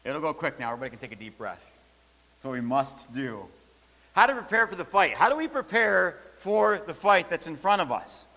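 Male preacher, bright forceful tone, emphatic repetition, long church reverb. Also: a little high, big pitch swings, a little fast. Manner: emphatic, repeats key phrases. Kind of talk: sermon.

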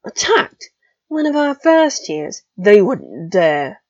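A loud, swaggering older schoolboy, put on by a woman reading, blustering in a raised voice. The recording is dry and somewhat dull. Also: on the low side, steady tone, brisk, no echo, natural voice.

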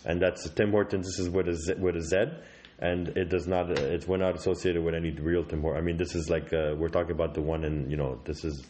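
A man co-hosting an improvised comedy podcast, excitable and stammering, swearing often. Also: deep voice, quick pace, slight background noise. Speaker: podcast co-host.

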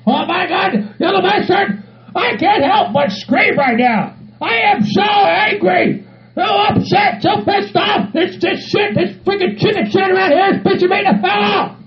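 A man doing a screaming, squeaky hillbilly hothead. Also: animated, normal speed. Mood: furious ranting. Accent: Southern US put on. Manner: shouting, cursing, ranting. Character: loud hot-tempered hillbilly man, middle-aged. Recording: muffled recording with crowd noise.

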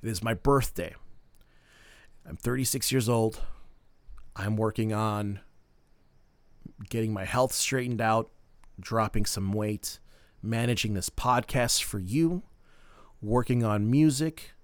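A man in his thirties from Minnesota speaks slowly and earnestly as a podcast host, pausing with plenty of fillers. His voice is smooth and clear. The sound is dry and close, with no room around it. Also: fairly low pitch, no echo. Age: 30s. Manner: earnest, heartfelt, with many fillers. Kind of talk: personal storytelling monologue.

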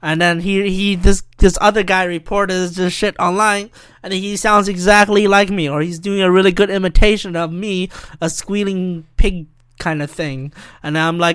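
A young man with a high, bright, crisp voice talks alone on his podcast. He rambles from thought to thought, swears freely and keeps stopping to restart his sentences. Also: little pitch movement, normal speed. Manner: rambling, profane, self-interrupting. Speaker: podcast host. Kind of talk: rambling solo podcast monologue.

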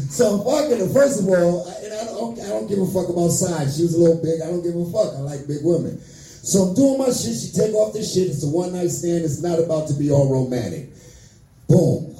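A man in his fifties doing a profane, brash stand-up set, swinging between loud bursts and muttered asides. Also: on the high side. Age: 50s. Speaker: stand-up comedian. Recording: echoey room, voice far from mic.

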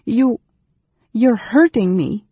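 A man voicing a frightened high-voiced young woman. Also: very animated, drawn-out words, warm tone, husky, no room sound, lo-fi sound, full character voice. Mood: protesting. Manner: high, trembling and breathless.

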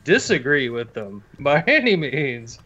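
A man co-hosting a podcast, talking in an animated, incredulous way with plenty of swearing. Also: medium pitch, measured pace, slight background noise. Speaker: podcast co-host. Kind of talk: casual podcast chat. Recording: slightly dull lo-fi sound.

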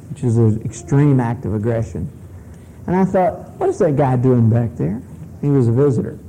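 A man's voice: medium pitch, warm tone, a little hiss or hum, low-quality recording. A man preaching a sermon in a humorous, conversational way, often asking the congregation questions.

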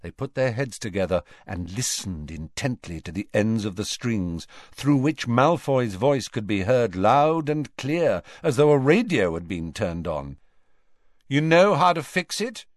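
A man reading an audiobook aloud in an expressive, varied way. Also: lowish voice, a little slow, hardly any pauses, dry recording, studio quality. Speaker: audiobook reader. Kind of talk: audiobook narration.

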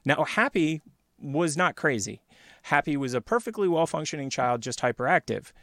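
A man's voice: on the high side, expressive, normal speed, fairly bright tone, no echo, studio quality. A man hosting a show, telling a rambling workplace story in casual chat, laughing often. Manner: rambling, laughs often, acts out quoted voices. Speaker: podcast host.

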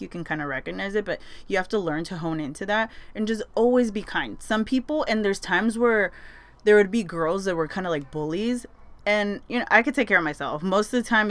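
A woman's voice: lowish voice, fairly bright tone. A young woman telling a story casually, chatty, with lots of fillers and frequent swearing. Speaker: vlogger sharing advice.

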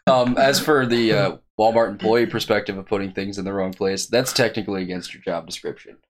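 A man's voice: on the low side, steady tone, a little fast, a crowd in the background. A young man co-hosting a podcast in casual chat, telling stories in a dry, profane way. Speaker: podcast co-host.

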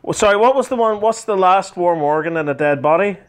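A man's voice: high-pitched, a little fast, clean tone. A man cohosting a podcast, telling crude stories and jokes with lots of swearing and laughter. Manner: profane, giggly, animated storytelling. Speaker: podcast co-host. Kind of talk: crude comedy banter.

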